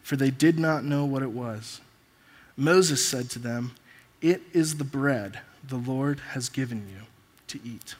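A man preaching a sermon as pastor and reading scripture aloud with pauses. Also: mid-range voice. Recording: long reverb of a large hall.

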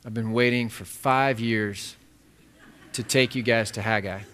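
A man's voice: mid-range voice, fairly even intonation, unhurried, a bit bright, smooth. A man preaching a sermon as pastor, casual and emphatic with conversational asides. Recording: long echo of a large hall.

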